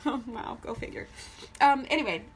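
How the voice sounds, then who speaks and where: A woman with a somewhat high voice reads tarot cards in a loose, conversational way. She chats straight to her viewers and talks in an animated manner. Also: unhurried, slightly rough. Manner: addresses viewers directly. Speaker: tarot reader. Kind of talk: casual spoken tarot reading to viewers.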